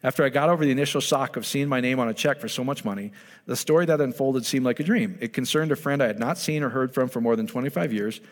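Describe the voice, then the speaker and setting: A man preaches with lively storytelling and often slips into the voices of the people he talks about. His voice sits at an ordinary middle pitch. A long hall reverb trails each phrase. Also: fast. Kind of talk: sermon.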